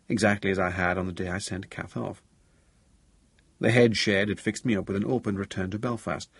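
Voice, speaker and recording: A man narrating a first-person audiobook in a measured, grave way, recorded close in a dry studio booth. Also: lowish voice, husky, dry recording.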